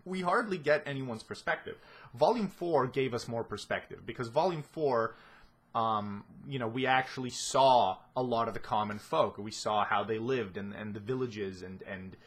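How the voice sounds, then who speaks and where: A man's voice: medium pitch, moderate pace, husky. A man giving a casual spoken analysis of a series, rambling with many restarts and fillers and a sardonic edge. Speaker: video essayist.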